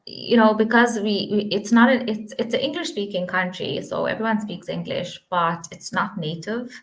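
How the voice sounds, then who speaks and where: A woman's voice: mid-range voice, normal speed, fairly bright tone. A woman with a South African accent, answering interview questions as a pharmacist guest and explaining things patiently with easy laughter.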